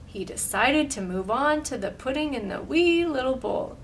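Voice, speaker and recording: Storytime reader, woman, slightly high voice, animated, expressive. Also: moderate pace, distant mic, slight background noise. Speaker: storyteller and craft leader. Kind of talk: storybook read-aloud.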